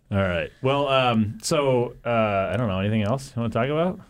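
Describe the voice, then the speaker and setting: A man's voice: medium pitch, animated, normal speed, smooth. A man hosting a casual chat, teasing and laughing as he steers the talk. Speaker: podcast host.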